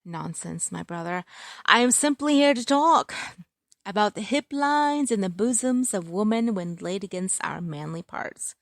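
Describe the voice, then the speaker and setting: A woman's voice: mid-range voice, expressive, a little slow, vocal fry, no room sound, studio quality. A woman voicing a cocky, teasing rich young Englishman in a romance story, playful and mock-dramatic.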